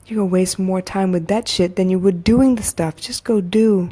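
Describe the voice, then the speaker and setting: A woman's voice: medium pitch, a little slow, warm tone, breathy edge. A woman podcast host and coach giving a casual motivational monologue, candid and repetitive, building to emphatic urging. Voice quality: soothing. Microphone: phone.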